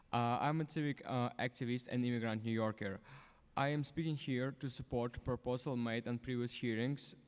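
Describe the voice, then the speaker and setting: Man, halting prepared testimony, long hall reverb. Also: mid-range voice, clean tone. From former Soviet country. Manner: halting, frequent uh fillers, non-native grammar. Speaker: public testimony speaker, civic activist. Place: large city hall hearing room.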